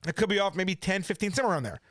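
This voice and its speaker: A man with a high, animated voice rants indignantly from his kitchen at home. He keeps firing rhetorical questions in a loose, unscripted commentary. The sound is close and dry. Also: racing, no room sound. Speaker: preacher and channel host. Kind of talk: casual ranting commentary.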